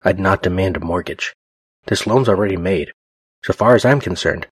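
Brief: man playing a defiant veteran loan manager, firm, deep husky voice. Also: moderate pace, dry recording. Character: stubborn male bank manager, a veteran.

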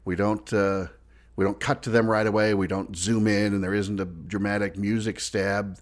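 A man co-hosting a casual discussion, speaking in a thoughtful, measured way. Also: lowish voice, level tone. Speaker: podcast co-host. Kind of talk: casual discussion of an old TV episode.

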